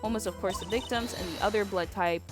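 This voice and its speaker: A woman's voice: mid-range voice, quick pace, over music, lightly acted. A woman reading a brash lunch-selling witness. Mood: smug.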